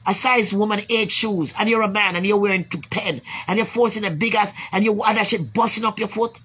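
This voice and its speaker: This Jamaican vlogger's medium-pitched voice is fairly quick, a bit bright, and breathy at the edges. She rants rambling and profane at the camera, blunt and repetitive, then finishes by blessing her viewers.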